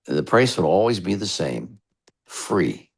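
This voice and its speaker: A man's voice: sits low, sing-song, slow pace, gravelly, slightly rough. An American man, a radio DJ, telling rambling stories as a guest in a casual interview. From United States. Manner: chatty, rambling anecdotes.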